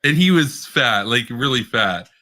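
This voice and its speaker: A man's voice: mid-range voice, lively intonation, unhurried, bright, forceful tone. A man co-hosting a casual political podcast, rambling with many restarts and bursts of laughter. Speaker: podcast co-host.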